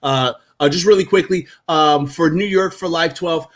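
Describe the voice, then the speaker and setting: New jersey guy streamer on a call, joking smack talk, kinda high voice. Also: moderate pace. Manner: relaxed, joking trash talk with restarts. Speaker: guest sports streamer. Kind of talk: casual sports talk.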